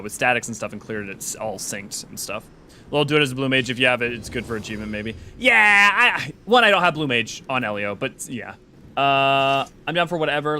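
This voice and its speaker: A man hosting a live game stream, chatting casually in an animated, rambling way with some swearing. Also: medium pitch, slight background noise. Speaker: game streamer and lore host.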